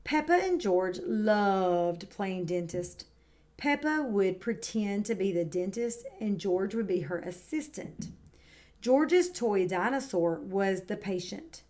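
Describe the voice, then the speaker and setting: A woman teaching kindergarten and reading a picture book aloud, who models words clearly and praises the children warmly. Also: mid-range voice, expressive, slow. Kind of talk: read-aloud lesson for young children. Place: home, indoors.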